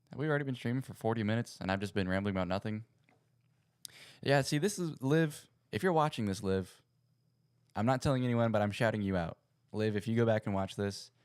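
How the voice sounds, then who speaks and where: Young male host with a low, resonant voice, chatty and self-correcting on a home livestream. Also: clean tone, no echo, clean studio sound. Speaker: podcast host. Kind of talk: casual livestream chat. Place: home setup at a computer.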